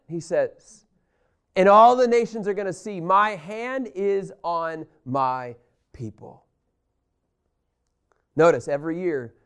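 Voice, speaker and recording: Emphatic man teaching scripture. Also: a little high. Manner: animated, emphatic, addresses listeners directly. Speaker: Bible teacher. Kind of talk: Bible lesson reading and explaining scripture.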